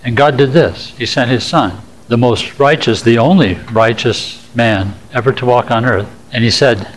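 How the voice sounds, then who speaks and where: A man's voice: medium pitch, normal speed, few pauses, a little hiss or hum, low-quality recording. Male preacher, earnest teaching sermon, emphatic rises, frequent chuckles.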